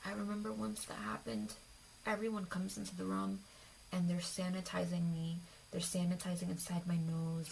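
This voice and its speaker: A young woman vlogger telling a personal story to her viewers in a confiding, emotional way, often dropping to soft near-whispers. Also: on the low side, creaky, a little hiss or hum, poor audio.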